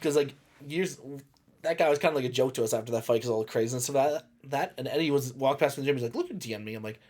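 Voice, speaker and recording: A man co-hosting a casual podcast, talking in an animated way and laughing often as he retells a story. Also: medium pitch, fast. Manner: animated, laughing, jumps into shouted impressions.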